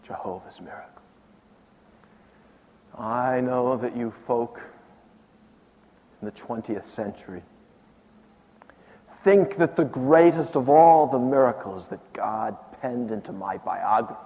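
A man performing a first-person monologue as an aged male prophet, shifting between hushed and impassioned delivery. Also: mid-range voice, voice pushed down. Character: aged male prophet recounting his miracles. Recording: long hall reverb.

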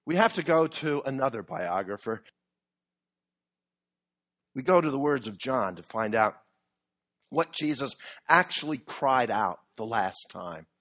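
A man preaching a sermon earnestly, with measured pauses that build to emphatic peaks. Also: medium pitch, animated, fairly bright tone.

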